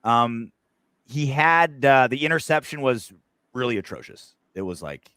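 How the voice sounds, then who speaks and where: Animated male sports podcast host. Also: medium pitch, unhurried, smooth, no room sound, clean studio sound. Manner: animated, swings between loud bursts and mumbles. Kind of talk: casual sports chat.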